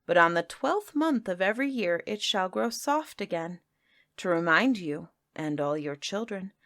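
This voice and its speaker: A woman voicing a stern, solemn old male magician who speaks in low, slow, grave pronouncements. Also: a bit bright, dry recording, clean studio sound.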